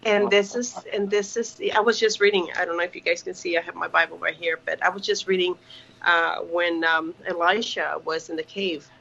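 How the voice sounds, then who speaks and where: A woman's voice: lowish voice, fairly even intonation, creaky, sharp tone. Earnest woman on a dull video call. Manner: earnest, halting, many fillers and restarts. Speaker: ministry partner. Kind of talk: casual video call chat. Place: home kitchen.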